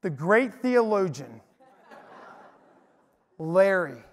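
A man preaching to an audience in an energetic, emphatic storytelling way. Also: sits high, very slow. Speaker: speaker. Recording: long hall reverb.

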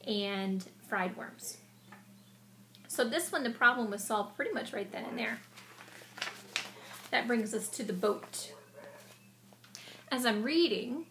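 A woman teacher reading a storybook aloud to children, pausing to explain it in a patient, explanatory manner. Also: on the high side, a bit bright, a little hiss or hum.

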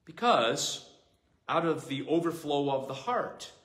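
Bright-voiced man preaching a sermon. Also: a little high, animated, a little slow. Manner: earnest, emphatic preaching with repetition. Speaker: pastor. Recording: roomy echoing hall.

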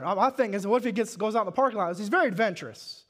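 High-voiced Southern preacher. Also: male voice, rapid-fire. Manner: folksy storytelling that builds to shouted exhortation. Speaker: pastor. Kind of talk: sermon. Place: church service.

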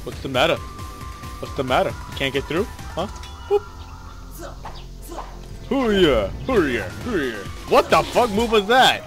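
A young man hosting a gaming video, excitable, laughing and swearing at the game while he plays. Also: a little high, normal speed, over music. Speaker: gaming channel host. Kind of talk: casual gameplay commentary.

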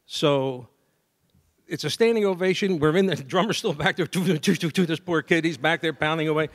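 A man giving a graduation speech as a saxophonist, telling a story lively and scatting melodies. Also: on the high side, brisk. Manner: lively storyteller who scats melodies and acts out dialogue. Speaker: commencement speaker and saxophonist. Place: university degree ceremony.

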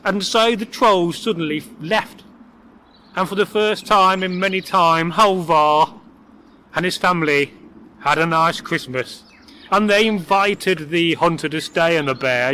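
A man's voice: high-pitched, measured pace, sharp tone, a little hiss or hum. A man hosting and telling a folk tale, playful, with chatty asides to his viewers. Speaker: host and storyteller.

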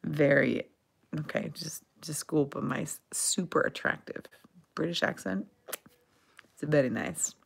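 A woman's voice: low-pitched, creaky, husky. A woman teaching English on a casual live stream, reading viewer questions aloud, repeating words for pronunciation, slipping into Portuguese to explain. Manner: laughs often, repeats words slowly for pronunciation.

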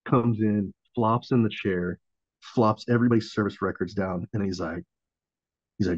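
A man's voice: low-pitched, steady tone, a little fast, breathy edge, no echo. A man in his thirties, a Marine veteran and former corpsman, telling a story as a podcast guest in a loose, profane way, acting out the people he quotes and laughing often. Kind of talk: casual storytelling. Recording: dull dry lo-fi sound.

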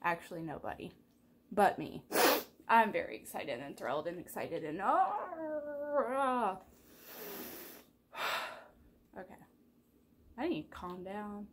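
A woman's voice: fairly low pitch, moderate pace, slight background noise. A young woman chatting casually in a daily vlog, bubbly, rambling and self-deprecating. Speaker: vlogger.

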